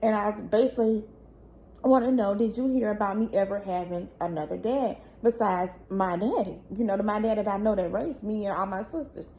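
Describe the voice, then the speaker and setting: A woman's voice: medium pitch, brisk, warm tone, a little hiss or hum. A young woman, telling her own painful family story in a raw, tearful, pleading way that rises when she gets upset. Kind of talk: emotional personal storytelling.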